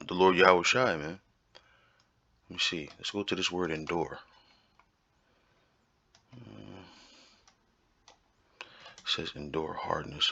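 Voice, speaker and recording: Low-voiced guy doing a casual bible teaching, keeps saying right?, dry close sound. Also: pushed and bright, no room sound. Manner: emphatic, repetitive, keeps asking "right?".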